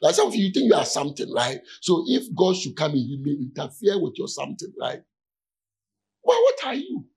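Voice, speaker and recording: A man's voice: on the high side, big pitch swings, quick pace, vocal fry, few pauses, a little mellow, slightly rough, low-quality recording. A man preaching as a pastor in a conversational sermon, often checking in with his listeners to see if they follow.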